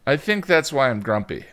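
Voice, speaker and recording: A young man co-hosting a podcast, rambling through anecdotes in casual chat and sometimes jumping into a squeaky voice to play a toddler. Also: a bit bright. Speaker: podcast co-host.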